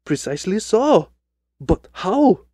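A man's voice: high-pitched, very animated, slow, husky, no room sound, studio quality, pitched above the performer's own voice, heavily acted. A man voicing a proud and agitated male king in a radio drama, speaking in a formal, commanding way. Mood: urgent. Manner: formal, commanding, louder than the narration.

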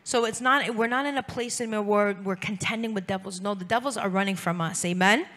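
Woman preacher, bright ringing voice, sermon, keeps getting the church to say stuff back. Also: mid-range voice, fairly quick. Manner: urges the congregation to respond aloud; repeats phrases for emphasis.

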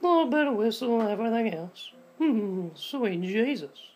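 A young man doing an impression of a creepy old man neighbor, with a high strained voice that whistles on every S sound. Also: expressive, darkish tone, a little hiss or hum. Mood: creepy, leering. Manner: high strained voice, slow drawl.

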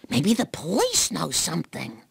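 An actress voicing a caring, worried cartoon mother with a gravelly, raspy voice and a fretful, sing-song manner. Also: sits low, wildly swooping pitch, a little slow, no echo, exaggerated voice.

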